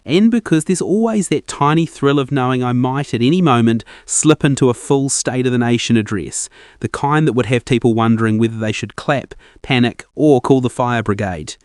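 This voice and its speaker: A man's voice: mid-range voice, moderate pace, no room sound. A man tells a scripted comic story in a wry, self-deprecating way. His voice is recorded close and dry, with no room around it. He sounds like a studio voice-over. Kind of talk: scripted comedic monologue narration.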